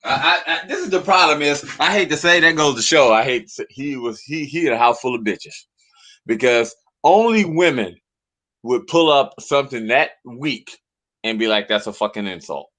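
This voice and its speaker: A man's voice: medium pitch, moderate pace, pushed and bright. A man on a casual online panel, teasing and profane, playing at hurt feelings.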